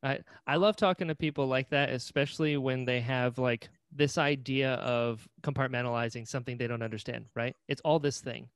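A man's voice: medium pitch, steady tone, a little fast, few pauses, smooth, no echo. A man hosting a podcast, chatting casually and answering with short backchannels. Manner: conversational, lots of short backchannels. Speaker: podcast host. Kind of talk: casual interview chat.

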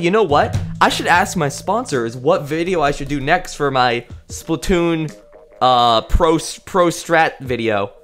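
A young man giving lively live gameplay commentary, chatting with his viewers and yelping at big plays. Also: on the high side. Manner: excitable, yelps and pops off at kills; chatty, talks to chat between plays. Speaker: streamer. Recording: faint music behind.

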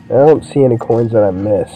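A young man giving profane, excitable commentary while playing a video game. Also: lowish voice, moderate pace, faint music behind, rough recording. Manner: profane, excitable, swears constantly. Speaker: gameplay streamer. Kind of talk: let's play commentary.

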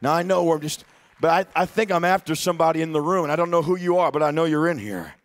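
A man preaching a sermon in a church, telling a personal story and swinging between shouted exhortation and quiet, hushed retelling. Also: a little high, fast talker. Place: church sanctuary.

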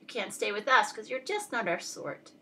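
A woman's voice: medium pitch, big pitch swings, moderate pace, bright, forceful tone. A woman voicing a disapproving herd of moose in a storybook read-aloud, scornful and stern.

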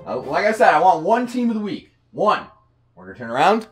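A young man rambling excitedly through a video game pack opening, full of fillers. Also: high-pitched, fairly quick, breathy edge, soft background music. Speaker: gaming YouTuber.

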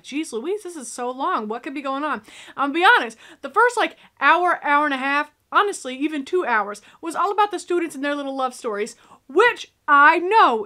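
A woman giving casual reaction commentary to a film, animated and exclaiming out loud. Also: high-pitched. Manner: animated, exclaiming and joking aloud. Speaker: reaction video host.

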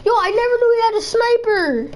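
Brief: high-pitched woman gamer, live play talk, quick to scold and vent. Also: expressive, a little hiss or hum, poor audio. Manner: heated, scolding a teammate. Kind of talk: live gameplay commentary.

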